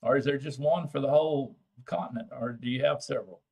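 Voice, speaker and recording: A man's voice: medium pitch, quick pace, vocal fry, darkish tone, husky. Older man, Texan accent, folksy drawl, salty casual chat, livestream host. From Texas.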